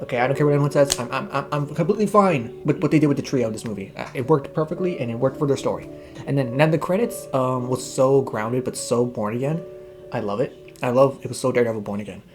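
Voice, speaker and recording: A young man giving a casual, emotional movie review, gushing excitedly and tearing up as he talks. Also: mid-range voice, fast, soft background music. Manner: excited, gushing, tearful, says bro. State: crying.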